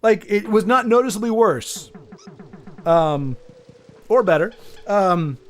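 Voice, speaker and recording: High-voiced man chatting on a stream. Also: animated, slow pace, faint music behind. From United States. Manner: rambling and jokey, talking straight to viewers by name. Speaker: livestreamer talking to chat. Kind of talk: casual livestream chat.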